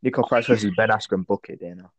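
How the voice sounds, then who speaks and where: A man's voice: lowish voice, fast talker, no room sound, highs cut off. A man co-hosting a casual podcast, giving blunt, sweary opinions on fighters. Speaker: podcast co-host. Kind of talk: casual chat.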